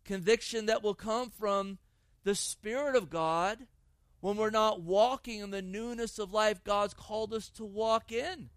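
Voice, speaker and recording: A man's voice: high-pitched, fairly even intonation, unhurried, smooth, no room sound. A man preaching a sermon, emphatic and repeating phrases for stress. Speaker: pastor.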